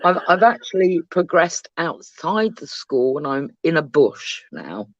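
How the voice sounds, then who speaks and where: A woman's voice: deep voice, very animated, no room sound, highs cut off. A woman with a southern English accent, calling in from outside a school to chat playfully on a live stream. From England. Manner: playful and chatty, quick asides. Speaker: guest caller. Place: outdoors by a school, in a bush.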